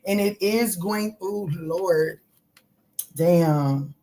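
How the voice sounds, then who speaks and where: A woman giving a casual tarot reading, talking in a chatty, animated way, swearing and joking with her viewers. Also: on the low side, drawn-out words. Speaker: tarot reader.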